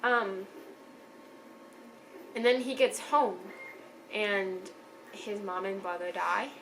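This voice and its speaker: A young woman talks through a book she loved in a loose, rambling vlog, gushing and trailing off mid-thought. Her voice sits at an everyday middle pitch, and a steady background hiss runs under the recording. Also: takes it slowly, low-quality recording. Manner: chatty, gushing, trailing off and restarting. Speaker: book reviewer. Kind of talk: casual book review vlog.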